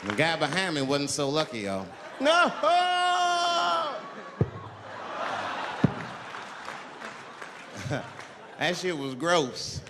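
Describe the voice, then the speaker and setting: A man doing a stand-up comedy routine, telling a profane story and acting out the people in it with yelled voices. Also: on the high side, lively intonation, moderate pace, few pauses, background noise. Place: large theater stage. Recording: live show in a large hall with crowd. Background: audience laughter.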